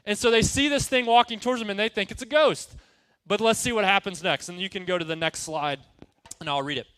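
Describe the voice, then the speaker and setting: Youth pastor, male, high bright voice, casual energetic sermon style, dry sound. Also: normal speed, dry recording. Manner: energetic, conversational, asks the room questions.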